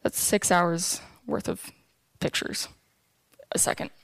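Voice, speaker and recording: A woman's voice: slow pace, a bit bright, no echo. A young woman giving a candid, emotional personal testimony to a church group.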